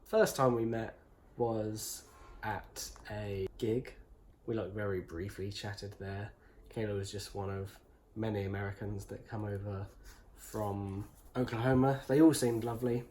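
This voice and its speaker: A man's voice: on the low side, fairly even intonation, unhurried, a little mellow. A young man with an English accent, chatting casually and joking dryly as he answers questions about himself. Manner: dry, joking and teasing. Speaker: interviewee, husband. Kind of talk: casual chat.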